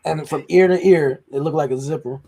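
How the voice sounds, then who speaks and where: A man with a fairly high voice co-hosts a casual podcast. He mostly adds short remarks and quick memories to the others' stories. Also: vocal fry, mellow. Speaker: podcast co-host. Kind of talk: casual chat.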